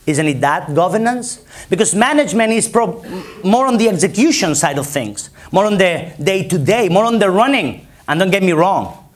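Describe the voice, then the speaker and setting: A man's voice: high voice, animated, normal speed. A man from Spain with a Spanish accent, giving an emphatic conference keynote and rallying the audience with repetition. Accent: Spanish, from Barcelona. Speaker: conference speaker. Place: conference hall.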